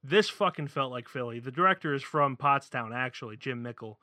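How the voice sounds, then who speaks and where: A man from the Philadelphia area, co-hosting a casual chat, animated and excitable, swearing freely. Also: medium pitch, a little fast, dry recording, clean studio sound. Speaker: podcast co-host.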